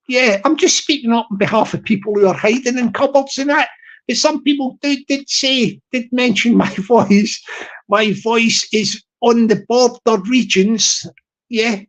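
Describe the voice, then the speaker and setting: A man with a high-pitched voice hosts a motivational pep talk. He rambles from one thought to the next and often stumbles and restarts his sentences. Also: a bit bright, low-quality recording. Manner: rambling, with many restarts and laughs. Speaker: podcast host.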